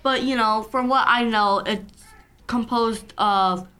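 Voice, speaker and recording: A woman's voice: a little high, slow, pushed and bright, clear, resonant tone. A woman co-hosting a casual chat, speaking hesitantly and unsure of her terms. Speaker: co-host.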